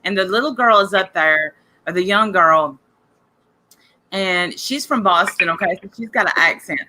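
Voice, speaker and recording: Sick lady host gossiping away, rambly and chatty, bright clear voice, coughing now and then. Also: mid-range voice, normal speed. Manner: rambling, chatty, addresses listeners directly. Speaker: podcast host. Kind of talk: casual gossip chat.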